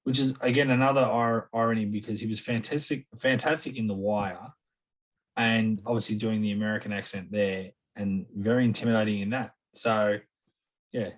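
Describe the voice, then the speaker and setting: A man's voice: lowish voice, steady tone, normal speed. A man co-hosting a podcast in easygoing casual chat, with self-deprecating asides. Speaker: podcast co-host.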